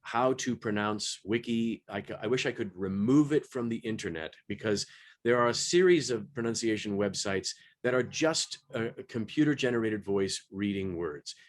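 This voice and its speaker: A man who is an audiobook narrator and stage actor, talking on a panel in a halting way with many fillers and restarts. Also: fairly low pitch. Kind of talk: panel discussion.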